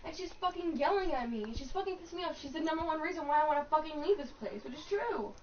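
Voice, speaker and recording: A woman's voice: sits high, animated, quick pace, darkish tone. A young woman telling a rambling work story in casual chat, swearing often and stringing her sentences together without a break. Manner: breathless run-on storytelling, swears a lot. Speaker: fast-food worker. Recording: muffled and distant, faint hiss.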